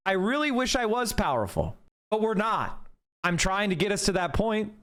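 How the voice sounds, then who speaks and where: A male live streamer in casual chat, arguing his points quickly and talking straight to his viewers, his voice going hoarse. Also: high-pitched, very animated, a bit bright. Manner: fast, argumentative, talks straight to chat. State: losing his voice.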